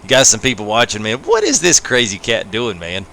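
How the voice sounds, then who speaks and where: A gaming livestreamer plays a farming game late at night, chatting casually with viewers in a laid-back way, laughing often and tacking "man" onto many phrases. His medium-pitched voice swings hugely in pitch and is fairly quick, creaky, bright, and forceful, with slight background noise.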